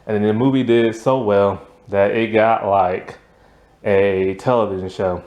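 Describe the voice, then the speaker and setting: A man's voice: on the low side, fairly even intonation, unhurried, a little mellow. A man casually reviewing a cartoon episode, rambling with many "like" fillers, sleepy late at night. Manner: rambling, filler-heavy with frequent "like".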